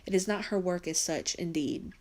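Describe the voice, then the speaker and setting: A woman's voice: fairly low pitch, normal speed, lightly acted. Woman reading a sly, oily overseer. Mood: solemn, sly. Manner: solemn, quiet, oily. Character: sly male overseer, smooth and falsely regretful.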